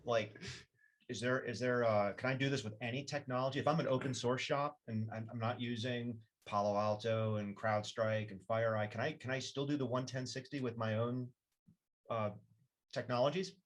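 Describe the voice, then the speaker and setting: A man's voice: mid-range voice, steady tone, normal speed. A man hosting a casual comic interview, asking questions in a playful, joking way. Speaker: host.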